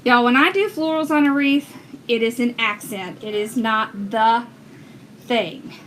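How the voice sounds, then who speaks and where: Slow-talking high-voiced woman. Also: a bit bright, slight background noise. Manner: chatty, reads and thanks viewers' comments while working. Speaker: wreath-making instructor. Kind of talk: casual livestream craft tutorial.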